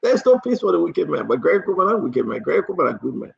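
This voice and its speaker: A man's voice: a little high, very animated, very fast, vocal fry, highs cut off. A man from Liberia with a Liberian accent, hosting a casual political talk show, teasing and pushing his guest with many restarts.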